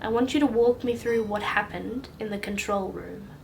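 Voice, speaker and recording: A woman voicing a calm, firm male doctor who speaks in a gentle, hushed tone. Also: medium pitch, moderate pace, vocal fry, slight background noise, natural voice. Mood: gently stern. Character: calm, stern middle-aged male doctor and caregiver.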